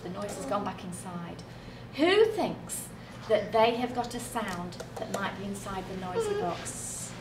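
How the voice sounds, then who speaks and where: Slow, encouraging British woman teacher. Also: mid-range voice, very animated, far from the mic. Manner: encouraging, drawn out, sound effects. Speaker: primary school teacher. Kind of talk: leading a children's music class. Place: classroom with children. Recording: echoey classroom from afar, noisy.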